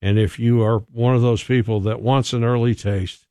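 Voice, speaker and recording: This man co-hosts a radio show and reads a food news piece, dropping in easygoing, joking asides as he chats. His medium-pitched voice has a dark, steady tone and a moderate pace, in a dry, clean studio recording.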